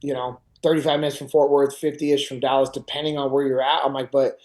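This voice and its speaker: A man's voice: mid-range voice, quick pace. A middle-aged man hosting a podcast, casually telling a personal story and acting out other people's lines. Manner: animated retelling, acts out others' lines. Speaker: podcast host.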